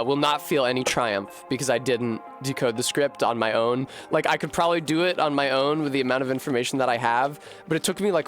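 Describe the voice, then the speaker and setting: A man's voice: a little high, fairly bright tone, no echo. Rambling, swearing male game streamer. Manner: rambling, swears freely, self-deprecating. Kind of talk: casual live-stream commentary.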